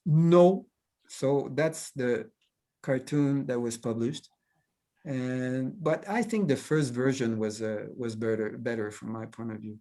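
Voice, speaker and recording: A man's voice: medium pitch, slow pace, dark tone. A man with a Québécois French accent, a cartoonist whose first language is French, talking casually over a video call, hesitant and full of fillers and restarts.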